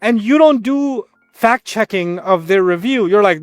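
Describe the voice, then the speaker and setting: A man's voice: high-pitched, measured pace, hardly any pauses, no room sound. A man giving a Quran lesson, explaining Arabic words and acting out quoted speakers. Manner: animated, acts out quotes. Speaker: Quran teacher.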